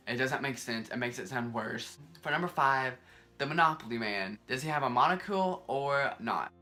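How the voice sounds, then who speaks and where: Bright-voiced young man vlogging. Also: medium pitch. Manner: exasperated, animated, rambling with frequent "like". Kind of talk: casual vlog countdown.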